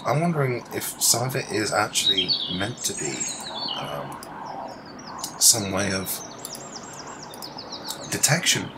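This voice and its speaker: A man's voice: on the low side, big pitch swings, slow pace, long pauses. A man rambling through live commentary outdoors as he films the sky, swearing casually and trailing off mid-sentence. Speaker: livestreamer filming the sky. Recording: loud outdoor noise.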